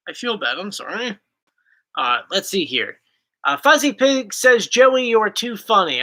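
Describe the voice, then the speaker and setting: A man's voice: high-pitched, sing-song, a little slow, bright, forceful tone, low-quality recording. A young man hosting a casual chat, rambling playfully and reading viewer questions aloud. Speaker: YouTube host.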